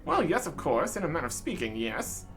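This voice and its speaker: A man's voice: a little high, wildly swooping pitch, a little fast, a bit bright, soft background music, heavily acted. Man as a pompous bearded old dwarf, plummy old-fashioned posh diction, sing-song delivery. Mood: jolly.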